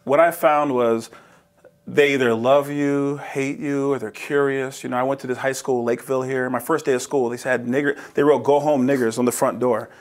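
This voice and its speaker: A man's voice: medium pitch, normal speed. A man from New Jersey, a roofing business owner, telling stories in an interview and acting out dialogue with laughter. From New Jersey, USA. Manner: laughs often, acts out dialogue in lively voices. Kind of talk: animated interview storytelling.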